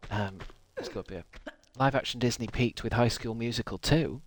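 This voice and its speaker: Male streamer, chatty gamer, swears a lot, medium pitch. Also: normal speed, a bit bright. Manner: chatty, swears freely, laughs often. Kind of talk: casual gaming stream chat.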